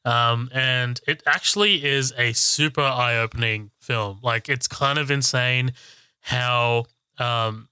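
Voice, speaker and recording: A man co-hosting a film podcast, chatting loosely and profanely with laughs and quick self-corrections. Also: medium pitch, pushed and bright, clear, resonant tone, dry recording. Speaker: podcast co-host and film reviewer. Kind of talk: casual film podcast chat.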